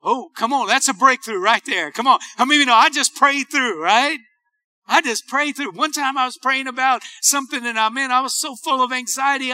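Pastor, man, fervent call-and-response preacher, very high and piercing voice. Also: fairly quick, pushed and bright, no room sound. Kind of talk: sermon.

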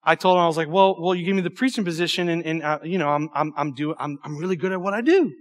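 A young man preaching a youth sermon in an animated, emphatic way, with stumbles and asides. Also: on the high side, fast. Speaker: youth pastor.

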